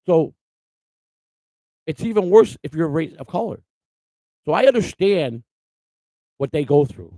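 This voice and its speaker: A man's voice: on the high side, expressive, measured pace, long pauses, mellow, no room sound, rough recording. A man hosting a livestream who talks casually in a rambling, blunt way with many restarts. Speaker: host.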